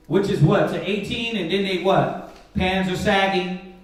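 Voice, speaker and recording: A man's voice: high-pitched, unhurried. Emphatic preacher man, echoey and distant. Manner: emphatic, rhetorical questions. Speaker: Bible class teacher. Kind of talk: preaching in a live Sabbath class. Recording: echoey room, far from mic.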